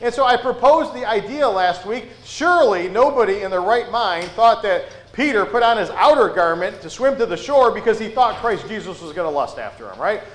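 A man preaching a conversational sermon to his congregation, folksy and relaxed, often dropping in "uh" and "right?". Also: high voice, a little fast, hardly any pauses. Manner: folksy, frequent "uh" and "right?" asides. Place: church sanctuary. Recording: roomy church echo.

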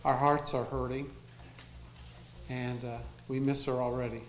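A man's voice: medium pitch, flat delivery, unhurried, a little hiss or hum. A man preaching a sermon in a folksy way, mixing jokes into his message to the congregation. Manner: folksy, jokes and laughs between points. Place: church sanctuary. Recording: echoey room, faint ambience.

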